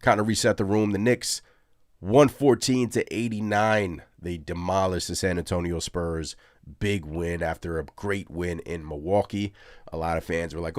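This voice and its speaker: A man hosting a live postgame sports reaction show, animated and ranting as he talks to his viewers. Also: sits low, normal speed, dry recording, studio quality. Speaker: sports podcast host.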